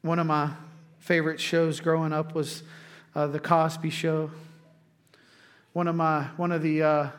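A man, preaching a sermon as pastor, telling lively stories to the congregation and acting out quotes. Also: fairly high pitch, unhurried, long pauses.

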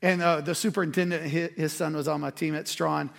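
A man, a pastor preaching a sermon and telling a self-deprecating story with animated energy. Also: fairly high pitch, a little fast, gravelly.

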